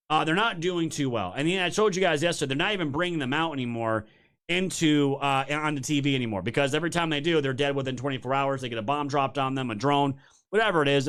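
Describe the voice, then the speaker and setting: This political commentary show host has a slightly high, fairly bright, clean voice. Live-streaming a rant, he gets heated, sarcastic and profane, talking straight to his audience and calling them "you guys."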